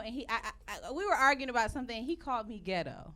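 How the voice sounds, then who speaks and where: A woman's voice: a little high, animated, racing, hardly any pauses. A woman, doing brash, profane live stand-up comedy. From Texas, USA. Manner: brash, profane, punchy storytelling. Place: stage at a live comedy show. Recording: live room with crowd and noise. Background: audience laughing and reacting.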